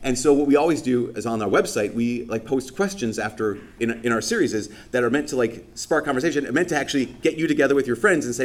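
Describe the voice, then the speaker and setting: A male priest preaching a homily at Mass in a relaxed, chatty way. His voice sits at an ordinary middle pitch, and he keeps it lively with filler words and playful acted-out asides. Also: fast talker, hardly any pauses. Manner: casual and lively, full of fillers, acts out people's reactions in quoted asides. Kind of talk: conversational sermon. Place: church during Mass.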